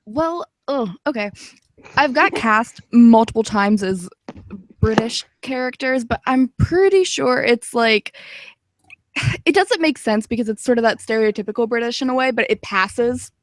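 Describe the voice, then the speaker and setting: A woman's voice: a little high, a little slow, dry recording. A woman voice actor talking tentatively and self-deprecatingly about her skills. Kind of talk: casual chat on a call.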